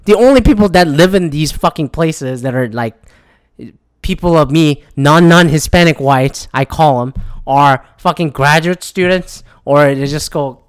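A man with a slightly high voice rants in a casual, frustrated way, swearing constantly and stumbling over restarts. The sound is dry and close. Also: smooth, dry recording. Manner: profane, frustrated, rambling with restarts. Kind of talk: casual rant.

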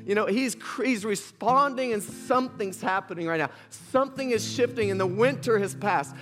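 A man with a high voice preaches an emotional sermon, building his points through repeated phrases. He sounds moved and impassioned as he addresses viewers watching from home. Soft guitar plays faintly behind him. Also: moderate pace. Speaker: pastor. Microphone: streamed to online viewers.

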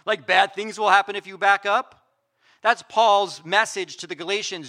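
A male pastor delivers a casual sermon with a high, bright voice. He reads passages aloud, then breaks into animated, conversational paraphrase. His tone is plain and personal rather than formal. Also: quick pace.

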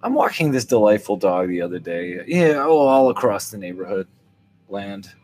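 A man's voice: on the low side, normal speed, slight background noise. An older man hosting a podcast, telling a rambling, wry comic monologue to his listeners. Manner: rambling, wry, animated swings into quoted voices. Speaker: podcast host. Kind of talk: solo comedic monologue.

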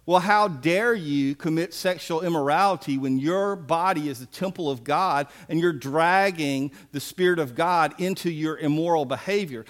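Man, pastor preaching, emphatic, folksy, high voice. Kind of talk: sermon.

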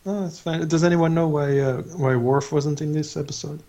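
A man co-hosting a podcast, speaking in a dry, low-key way with short replies. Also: fairly even intonation, normal speed, warm tone. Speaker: podcast co-host. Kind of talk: casual podcast chat.

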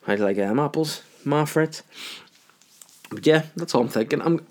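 A man's voice: medium pitch, expressive, very fast, darkish tone. A man in his thirties with a Northern Irish accent, ranting casually on his solo podcast, profane and rambling. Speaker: podcast host.

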